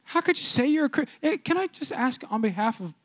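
A man's voice: extremely high pitch, sing-song, a little fast, no echo. A man preaching a sermon as pastor, emphatic and repetitive, calling on his congregation to respond.

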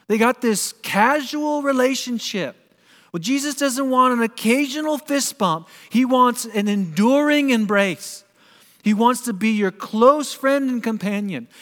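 Male pastor, high voice, earnest emphatic sermon delivery with rhetorical questions, long church reverb. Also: fairly bright tone. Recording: long reverb of a large hall.

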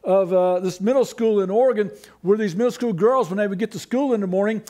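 Pastor, male, very high voice, relaxed conversational preaching with rhetorical questions. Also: fast. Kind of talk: sermon.

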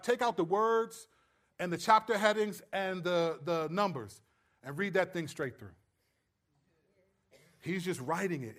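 A man preaching a sermon, stressing points loudly and then dropping to low, quiet asides. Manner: emphatic, swings between loud stresses and low quiet asides. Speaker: pastor.

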